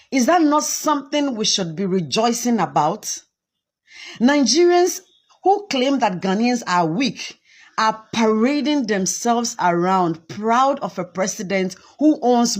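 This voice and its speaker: Female commentator, slow deliberate delivery, earnest. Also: a little high. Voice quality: earnest, with restarts.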